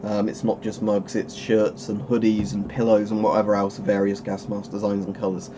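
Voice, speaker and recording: A man's voice: lowish voice, completely flat delivery, brisk, background noise. A man hosting a casual webcam stream, rambling and chuckling as he keeps interrupting himself. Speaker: streamer host.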